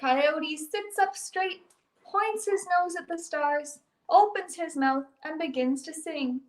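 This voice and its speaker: A woman reading a picture book aloud as a storyteller, with gentle, deliberate delivery. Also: high voice, a little hiss or hum. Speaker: librarian storyteller. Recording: roomy echo.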